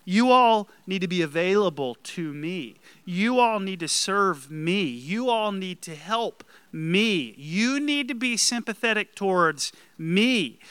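A man's voice: high voice, animated, slow pace, hardly any pauses, a bit bright, smooth, no echo, voice pushed up, full character voice. A man voicing a self-centered churchgoer who insists everyone serve him. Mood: demanding. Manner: demanding, self-pitying, insistent.

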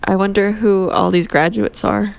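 A woman's voice: mid-range voice, steady tone, normal speed, vocal fry. A woman co-hosting a podcast, chatting casually and giggling as she reads out an unboxing to her co-host. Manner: giggly, chatty, reads aloud with playful flourish. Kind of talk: casual chat during an unboxing.

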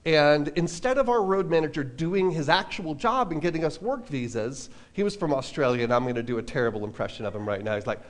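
A man preaching a relaxed sermon at a church service, telling a personal story with casual asides. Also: a little high, fairly quick, hardly any pauses. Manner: casual, self-deprecating, lots of fillers and asides. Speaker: pastor.

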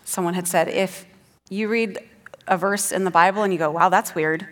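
A woman's voice: medium pitch, fairly even intonation, normal speed, fairly bright tone, long reverb tail. A woman giving an earnest sermon who teaches the passage and reads scripture aloud with rising emphasis. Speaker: preacher.

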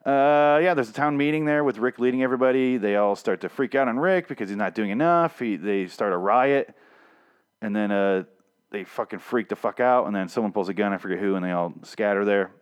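A man's voice: lowish voice, a little fast, clear, resonant tone. Rambling, profane man recapping comics. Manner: rambling, profane, many restarts and fillers. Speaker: comic reviewer.

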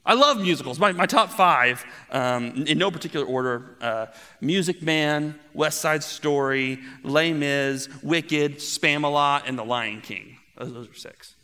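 A man in his thirties preaching a sermon, telling stories with playful asides and growing animated. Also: on the high side, measured pace, clear, resonant tone, big-room sound. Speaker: pastor.

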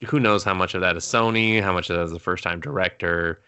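A young adult man co-hosting a casual movie talk, loose and profane with quick asides. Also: deep voice, pushed and bright, smooth, no room sound. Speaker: podcast co-host. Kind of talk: casual chat.

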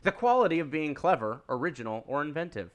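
A man's voice: a little high, big pitch swings, quick pace. A man co-hosting a casual fan podcast, enthusiastic and rambling as he explains ideas. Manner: enthusiastic, rambling, restarts often. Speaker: podcast co-host.

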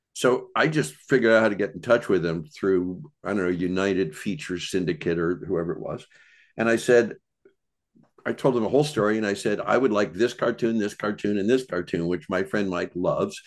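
Low-voiced older man telling meandering stories. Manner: meandering, thoughtful, with many restarts and pauses. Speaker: podcast guest. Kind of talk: reflective storytelling conversation.

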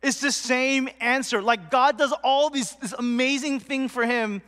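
Pastor guy chatting thru a sermon, high bright voice, echo like a big hall. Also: measured pace. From Portland. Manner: chatty, full of fillers, acts out quotes, drops to a whisper for effect. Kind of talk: casual sermon. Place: church hall.

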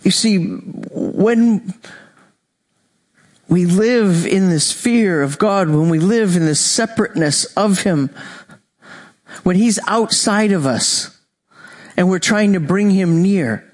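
A male preacher with a high voice delivers a sermon. He tells the story with animated energy, slipping into the voices of its people and laughing often. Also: slow pace, pauses often.

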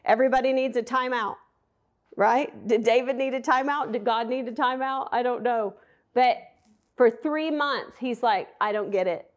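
A woman's voice: on the high side, steady tone, moderate pace, highs cut off. A woman preaches a Bible message. She talks candidly and conversationally, often turning to ask her listeners questions. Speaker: Bible teacher. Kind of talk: sermon.

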